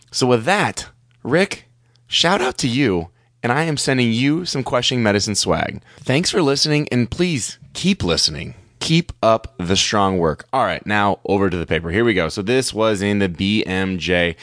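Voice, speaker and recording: Guy doing a medical podcast, kinda low voice, dry mic, skeptical and chatty about studies. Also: a bit bright, no echo. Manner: conversational, wry and skeptical. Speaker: podcast host. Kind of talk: casual medical podcast commentary.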